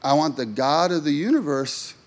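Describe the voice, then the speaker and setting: A man's voice: on the high side, animated, moderate pace. A male pastor preaching a sermon with emphatic rhetorical questions and joking asides to the congregation.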